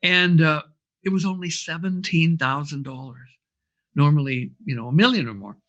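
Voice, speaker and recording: A man recounting an anecdote in a relaxed interview, with a slightly raised pitch and frequent fillers. The audio is muffled and lo-fi. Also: moderate pace. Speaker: brainwave training instructor. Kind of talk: storytelling interview answer.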